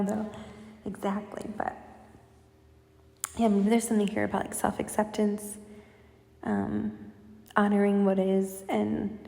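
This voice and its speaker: A woman giving a casual intuitive spiritual reading, talking in a soft, meandering way with many fillers. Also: mid-range voice, creaky. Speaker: spiritual channel reader. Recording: echoey room with long reverb.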